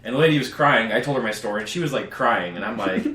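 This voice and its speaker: Young man, casual podcast storyteller, animated and profane, roomy echo, faint background hum. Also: medium pitch, fast. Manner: animated, swears, acts out what others said.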